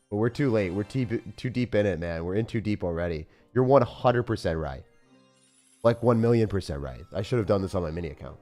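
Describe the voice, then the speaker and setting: A man giving live gameplay commentary as a streamer, casual and jokey, with sudden loud excited outbursts. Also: fairly low pitch. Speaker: game streamer.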